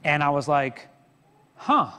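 Storytelling pastor in a reverberant church. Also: male voice, on the high side, normal speed, fairly bright tone. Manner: storytelling with self-deprecating humor. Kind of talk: sermon. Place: church sanctuary.

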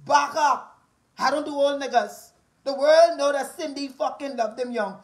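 A high-pitched Bahamian woman in her forties, talking straight to her listeners in an angry rant. She is profane and combative, hammering the same taunts again and again. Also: moderate pace, poor audio.

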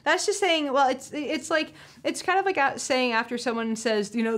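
A woman's voice: high voice, normal speed, fairly bright tone. A woman in her thirties chatting casually, blunt and crude, with sarcastic asides. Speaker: podcast guest. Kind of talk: casual chat.

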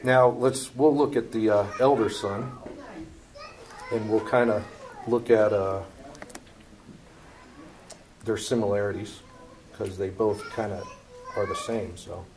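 Slow, easygoing male Bible teacher. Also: on the low side, steady tone, darkish tone, slight background noise, low-quality recording. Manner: reads scripture then comments casually, with fillers and laughs.

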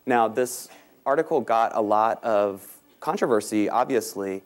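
A man with a Southern US accent giving a conference talk on business topics. He speaks quickly with many "um"s and pokes fun at himself. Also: fairly low pitch. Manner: self-deprecating, quick, many ums. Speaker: panel speaker. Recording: talk recorded in a meeting room.

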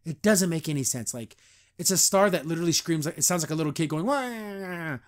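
A man whose voice is on the high side talks fast as he hosts a podcast recapping a cartoon episode. His delivery is rambling and packed with "like," and he acts out the quotes he brings up.

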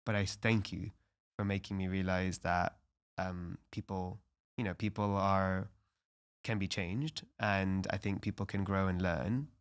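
A man's voice: deep voice, fairly even intonation, measured pace, clear, resonant tone. A young adult man, a podcast guest talking earnestly and reflectively in casual conversation, with lots of "like" fillers.

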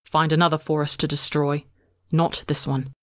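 Woman reading tired lonely forest god, quiet and worn out, low voice, dry storybook sound. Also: flat delivery, normal speed, dry recording, close to an everyday voice. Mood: weary. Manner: quiet, exhausted, croaking.

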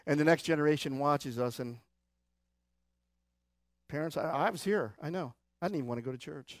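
A Midwestern American pastor with a fairly high man's voice preaches to his congregation, surging into loud urgent pleas and then dropping to quiet, low asides. His voice is picked up close and dry, with little room sound. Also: brisk, pauses often, no echo. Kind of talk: sermon. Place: church sanctuary.

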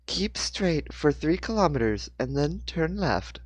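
Guy doing a flat robotic gps lady, slow and high. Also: no echo. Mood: monotone. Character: female car GPS voice, monotonous.

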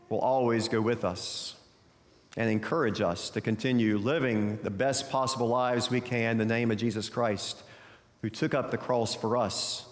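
A male pastor preaching a sermon with folksy storytelling and gentle humor. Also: on the low side. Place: church sanctuary. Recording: echoey church sanctuary.

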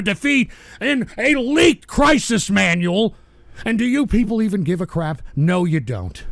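A man hosting a live radio show, exasperated and shouting at trolls in the chat. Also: high voice, big pitch swings, unhurried, no room sound. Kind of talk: ranting livestream talk.

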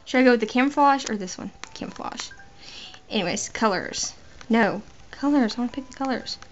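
A woman's voice: on the high side, brisk, slight background noise. A woman giving casual, playful and profane commentary while playing a handheld game. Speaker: gamer. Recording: muffled lo-fi recording.

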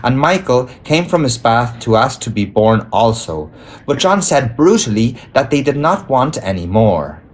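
A man reading a storybook aloud in an expressive storytelling manner. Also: medium pitch, a little slow. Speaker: audiobook reader. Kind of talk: read-aloud storybook narration.

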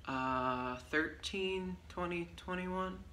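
Speaking slowly in a low, pushed, bright voice, a songwriter presents a song of her own in a relaxed vlog-style chat. She wanders through it loosely, full of ums and mid-sentence self-corrections, while the room echoes and a faint hiss sits underneath.

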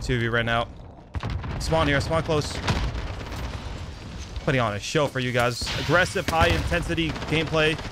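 A man's voice: fairly high pitch, noisy background. Hyped young man over gunfire. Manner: hyped, trash-talking, repeats himself. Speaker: gaming YouTuber. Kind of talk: live gameplay commentary. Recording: game gunfire loud behind voice. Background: gunfire and explosions from the game.

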